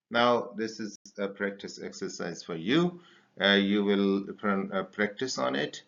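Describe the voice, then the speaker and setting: Teacher guy, lowish voice, stops and restarts a lot, drills words over and over. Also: gravelly, a bit bright. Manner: slow, halting, many fillers and repeated drill words. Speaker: English teacher. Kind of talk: spoken grammar lesson. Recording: dull lo-fi recording.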